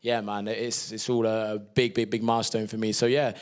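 A young man with a London accent, a guest actor chatting through stories in an interview, relaxed and full of slang and fillers. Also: lowish voice, fairly quick, smooth. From England. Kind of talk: casual interview chat.

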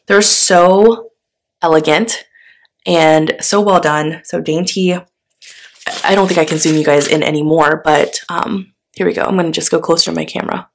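A woman with a somewhat low voice talks casually as she shows off stickers to her viewers. She gushes with enthusiasm, sprinkling in fillers and little laughs. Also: fairly even intonation, moderate pace. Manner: gushing, enthusiastic, with frequent fillers and soft laughs. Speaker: sticker haul vlogger. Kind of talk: casual chatty show-and-tell.

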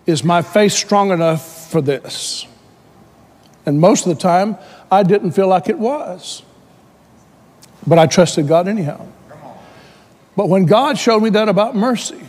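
A man preaching a sermon, telling his own story and swelling to shouts when quoting Bible figures. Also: high voice, in a large hall.

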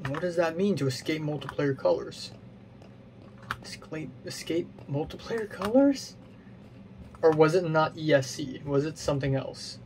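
A man talking himself through a game puzzle, muttering his guesses aloud and now and then mocking his own mistakes. His voice sits a little above the usual pitch for a man, and a faint hiss runs underneath it. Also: unhurried, a little mellow. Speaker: gaming channel host. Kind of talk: playing a puzzle game while thinking aloud.

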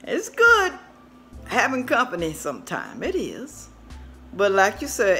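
An older woman who hosts a cooking channel walks through the craft room in her home, chatting with viewers she calls "y'all" in a casual home-tour vlog. Her fairly high, bright voice swoops wildly in pitch and sounds forceful, delivered slowly with long pauses, in an echoey room with faint music.

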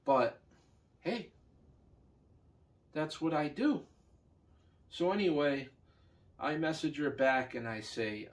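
A man's voice: on the high side, slow pace, long pauses, distant mic. A man from Canada who sells junk vehicles and scrap, telling a long story in a meandering, casual way full of "you know" and restarts. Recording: voice a bit off-mic.

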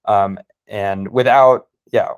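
A man with a fairly low voice talks through his ideas on a video call. His delivery is casual and enthusiastic, packed with "like" and restarts. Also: fairly even intonation, clear, resonant tone, lo-fi sound. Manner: fast, filler-heavy, enthusiastic with frequent "like". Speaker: startup founder, guest speaker. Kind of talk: casual conversational explanation.

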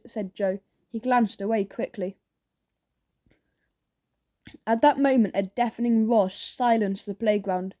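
A woman narrating a children's audiobook in a lively storytelling manner. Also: mid-range voice, moderate pace, hardly any pauses. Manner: lively storytelling with character voices.

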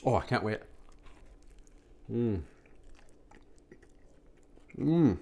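A man reviews food on camera, casual and enthusiastic, drawing out his words with vocal fry. He hums with pleasure and makes lots of mmm sounds as he eats. He also chats with his pet in a high, excited voice.

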